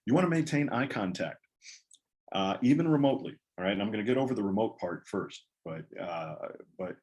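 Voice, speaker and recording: Deep-voiced man coaching public speaking. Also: expressive, fairly quick, a little mellow. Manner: conversational, encouraging, with fillers and restarts. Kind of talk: workshop talk.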